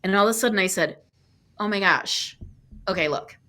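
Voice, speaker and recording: Guesting on a podcast, a woman recounts her own travel experience earnestly and with animation, voicing the people she met. She speaks at a normal speed with a medium pitch.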